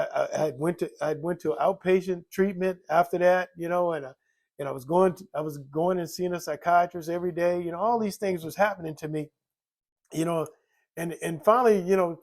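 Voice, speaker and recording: A man's voice: a little high, darkish tone. An older man telling his recovery story in a rambling, candid way, full of "you know" fillers. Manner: rambling, many "you know" fillers, acts out quoted voices. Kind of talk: personal recovery testimony.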